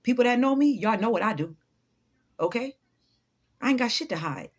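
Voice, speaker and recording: A woman's voice: on the high side, expressive, moderate pace. A woman giving an unscripted motivational talk to her followers, blunt, profane and preachy. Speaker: motivational vlogger.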